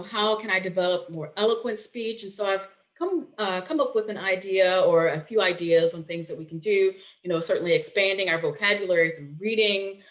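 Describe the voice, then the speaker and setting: Woman presenting a webinar, lowish voice, chatty, lots of um and right. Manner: conversational, checks in with "right?", frequent fillers.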